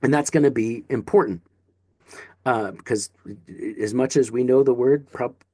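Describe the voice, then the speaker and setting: A man's voice: mid-range voice, moderate pace, mellow, no room sound. A man teaching a casual online lesson, talking in a chatty, encouraging way with asides and restarts. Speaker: Greek teacher.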